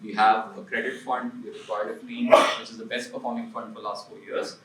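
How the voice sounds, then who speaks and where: A man's voice: medium pitch, flat delivery, brisk, distant mic, very noisy. Man giving a punchy seminar talk in an echoey room. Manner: punchy, conversational, asks the audience rhetorical questions. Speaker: investment firm executive presenting at a seminar.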